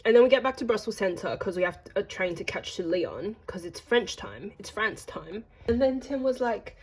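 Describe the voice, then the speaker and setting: A woman's voice: medium pitch, animated, brisk, darkish tone, slightly rough. A young Australian woman narrating a casual travel vlog in a chatty, gossipy way with playful slang. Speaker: vlogger.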